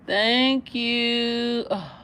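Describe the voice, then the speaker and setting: A woman's voice: fairly high pitch, fairly even intonation, extremely slow, a bit bright, slight background noise. A middle-aged woman hosting a casual reaction livestream, chatting and firing off exasperated, repeated rhetorical questions. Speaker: livestream commentator.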